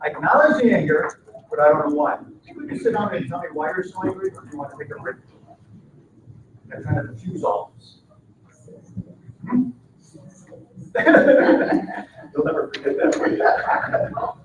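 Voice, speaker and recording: In an unhurried way with long pauses, a high-voiced workshop trainer leads a live training seminar, lively and acting out dialogues from the workplace. There's background noise, plus echo from a mic placed well away from him.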